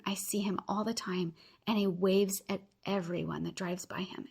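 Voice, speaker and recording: A woman's voice: mid-range voice, steady tone, moderate pace, creaky, a little mellow, husky. A woman in her thirties hosting a podcast, talking earnestly and encouraging her listeners directly as she gives them a challenge. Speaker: podcast host. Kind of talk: motivational podcast talk.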